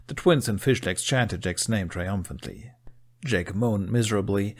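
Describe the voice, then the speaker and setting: Low-voiced man narrating a fanfic. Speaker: audiobook narrator. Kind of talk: fan fiction audiobook narration.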